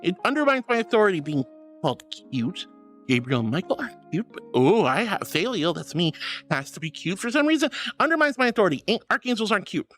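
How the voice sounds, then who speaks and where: A woman streaming as a VTuber, chatting casually and playfully with her viewers and teasing them in squeaky, cutesy tones. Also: very animated, quick pace, soft background music. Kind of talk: casual live-stream chat.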